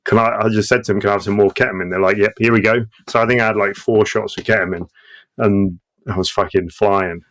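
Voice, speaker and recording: A man's voice: fairly low pitch, steady tone, fast, fairly bright tone. A man in his thirties telling war stories casually, swearing and acting out voices, laughing often. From Britain. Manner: profane, acts out quoted voices, laughs often. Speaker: guest veteran.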